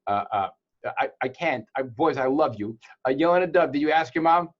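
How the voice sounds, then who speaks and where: A man's voice: mid-range voice, lively intonation, normal speed, slight background noise. Playful man telling jokes, lo-fi. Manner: playful joke-telling storyteller. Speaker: Torah teacher to boys. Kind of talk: casual online class with jokes. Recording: dull lo-fi sound.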